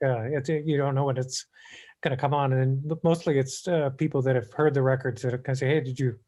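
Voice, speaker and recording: A man from Illinois, a guest on an interview show, answers haltingly with lots of pauses and fillers. His voice is mellow and relaxed, sitting in a middle pitch. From Illinois, USA. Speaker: guest musician.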